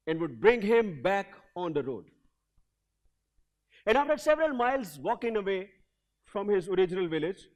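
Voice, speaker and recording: High-voiced energetic male keynote coach. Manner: energetic, storytelling, drives audience participation. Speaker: leadership coach, keynote speaker. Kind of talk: motivational keynote with audience call-and-response. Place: hotel event hall before a large audience.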